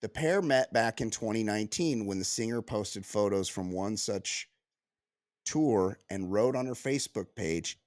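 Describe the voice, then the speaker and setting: A man co-hosting a podcast, reading news aloud and riffing on it in casual comedic banter, full of restarts and quick asides. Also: lowish voice, no echo, studio quality. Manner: animated, riffing, reads news aloud then jokes; frequent restarts and filler yeahs. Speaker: podcast co-host.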